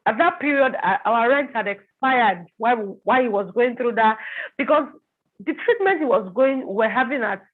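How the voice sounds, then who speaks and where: A woman's voice: fairly high pitch, animated. Tinny-sounding woman sharing a painful testimony. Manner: halting, repeats words when upset. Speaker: interview guest. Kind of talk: emotional personal testimony. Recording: tinny phone-like line.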